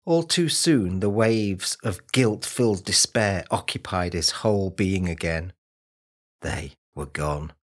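Deep-voiced male audiobook narrator. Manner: steady, measured storytelling. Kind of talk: scripted narration. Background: music.

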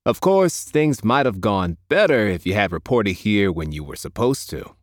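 A man's voice: on the low side, animated, normal speed, dry recording, natural voice. A scornful teenage gang boy, voiced by a male audiobook narrator, sneers his way through every line. The delivery rides up and down with mocking lilt. The sound is dry and close. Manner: scornful, cold. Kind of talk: audiobook character voice.

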